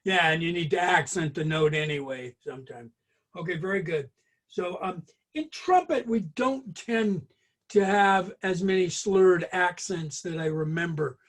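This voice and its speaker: Brass lesson leader, male, high-pitched, chatty and halting with frequent fillers. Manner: chatty, hesitant, many ums and restarts. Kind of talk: casual spoken music lesson.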